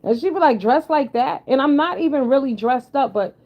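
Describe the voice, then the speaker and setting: A woman's voice: sits high, lively intonation, brisk. A woman giving blunt, sassy, profane commentary in casual chat with her viewers. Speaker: commentary vlogger. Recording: dull lo-fi sound.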